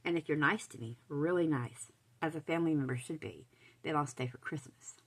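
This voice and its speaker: A woman reading aloud, voicing a spiteful young woman who taunts in a smooth, mocking tone. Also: sits low, a little fast, poor audio. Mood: silky.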